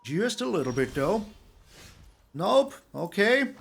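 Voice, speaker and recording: A man giving excitable gameplay commentary on a card game, exclaiming and repeating words for emphasis. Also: sits high, takes it slowly, vocal fry, slight background noise. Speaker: streamer playing a card game.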